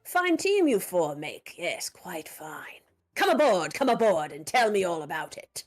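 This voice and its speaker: Lady putting on a fawning posh count, swoops up high, lots of flattery. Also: measured pace, faint music behind, exaggerated voice. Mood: effusive. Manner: effusive, courtly, fawning. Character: genteel older male count, flattering host.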